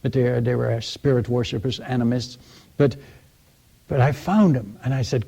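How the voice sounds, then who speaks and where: A man preaching as a missionary, telling a story in an animated way and often restarting and repeating words. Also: mid-range voice, moderate pace, vocal fry, husky. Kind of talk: sermon storytelling.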